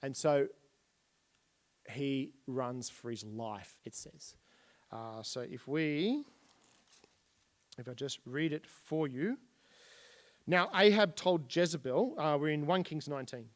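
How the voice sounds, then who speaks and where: A man's voice: fairly high pitch, lively intonation, slow, pauses often. A man giving a casual Bible history lesson at a church. He retells stories in plain everyday speech while pointing at slides.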